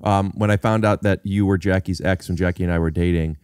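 A man's voice: low-pitched, steady tone, quick pace, a little mellow, clean tone, no echo, studio quality. A man hosting a podcast, teasing his guest with pushy, joking questions in casual chat. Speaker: podcast host.

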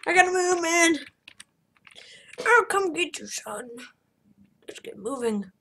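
A woman giving casual let's-play commentary, excitable, crying out loudly at every mishap and then muttering quietly. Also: very high-pitched, takes it slowly, creaky. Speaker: gameplay commentator.

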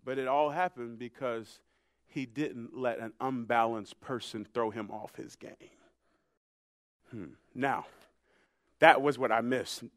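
A male pastor preaching a sermon, swinging from hushed, near-whispered passages to loud shouted climaxes. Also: medium pitch, slow, long pauses, dry recording, clean studio sound. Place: church sanctuary.

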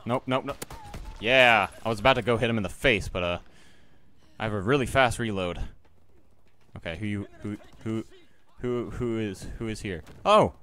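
With a low, pushed and bright voice, a young man narrates his own gameplay at a moderate pace, pausing often. He's a gaming YouTuber who jokes, mutters to himself and his viewers, and yelps without warning.

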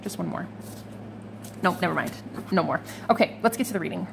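A woman's voice: lowish voice, lively intonation, fairly quick, gravelly, noisy background. A woman giving a casual, chatty tarot reading to her viewers, swearing freely and laughing now and then. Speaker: tarot reader.

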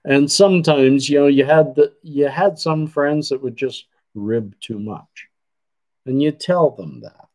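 A man's voice: mid-range voice, measured pace, a little mellow, rough recording. A man hosting a livestream, chatting casually with viewers and reading their comments in a rambling, meandering way. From Canada. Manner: rambling, chatty, trails off mid-sentence. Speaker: livestream host. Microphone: computer desk setup.

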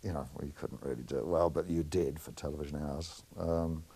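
A man's voice: very deep voice, brisk, creaky, mellow, breathy edge. A middle-aged man, working as a film editor and answering interview questions in a candid, anecdotal way with frequent chuckles.

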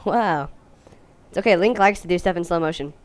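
A young woman giving goofy, jokey gameplay commentary, now and then breaking into silly high-pitched voices. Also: brisk. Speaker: let's play host.

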